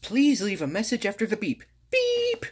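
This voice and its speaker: A woman's voice: medium pitch, huge pitch swings, moderate pace, slightly rough. A woman voicing a grumpy, rude male green ogre, sighing and grumbling in home toy play-acting.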